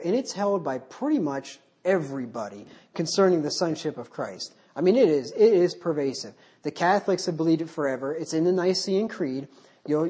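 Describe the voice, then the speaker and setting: Husky-voiced male Baptist preacher. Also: fairly high pitch, a little mellow. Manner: unscripted, poses rhetorical questions. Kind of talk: verse-by-verse sermon teaching.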